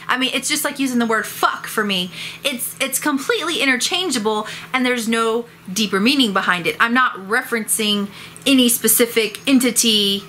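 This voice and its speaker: A woman's voice: on the high side, fairly quick, a little hiss or hum. A woman talking casually and expressively to the camera in a vlog. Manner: animated, expressive. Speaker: vlogger.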